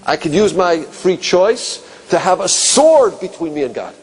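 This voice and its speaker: A man teaching a class, asking rhetorical questions and musing aloud, dropping low and quiet on key points. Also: very animated, a little slow, slightly rough. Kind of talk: classroom lecture.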